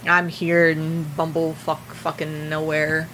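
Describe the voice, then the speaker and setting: A young adult woman in casual chat, tossing off quick, wry and profane quips. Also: low-pitched, monotone, sharp tone, a little hiss or hum, low-quality recording.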